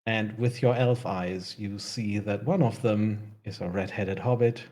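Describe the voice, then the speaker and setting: A man's voice: on the low side, unhurried, dark tone. A man narrating a tabletop fantasy game as game master, often laughing as he describes the scene.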